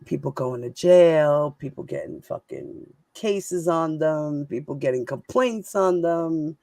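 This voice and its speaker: A New York woman in her 40s hosts a heated, casual live-stream rant, fiery and profane, firing off rhetorical questions. Her low, gravelly voice is mellow, with no room sound.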